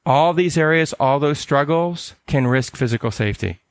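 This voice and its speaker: A middle-aged counselor from California giving a conference talk in a conversational way. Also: male voice, a little high, animated, no room sound. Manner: conversational, acts out dialogue with quick voice changes. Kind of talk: conference presentation.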